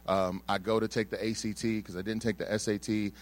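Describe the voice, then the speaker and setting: A man's voice: lowish voice, little pitch movement, fairly quick. A young man from Texas giving a sermon, telling his own story in a casual, joking way with plenty of ums. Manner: conversational, humorous storytelling with frequent fillers. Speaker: speaker giving a testimony sermon.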